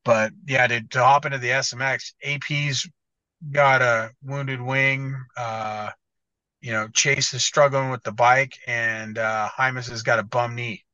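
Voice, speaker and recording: A man's voice: mid-range voice, little pitch movement, measured pace, bright, forceful tone, no room sound, muffled recording. An American man talking as a guest in casual podcast chat, blunt and swearing freely, often stumbling over restarts. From United States. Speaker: guest motocross editor.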